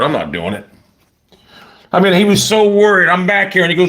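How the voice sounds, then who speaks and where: A middle-aged man rants into his phone outdoors, swearing freely and telling animated stories. His voice swings widely in pitch, rising high when he gets worked up. The talk is loose and unscripted, a livestream chat. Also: a little fast. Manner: profane, blunt ranting; animated storytelling. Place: outdoors in a yard.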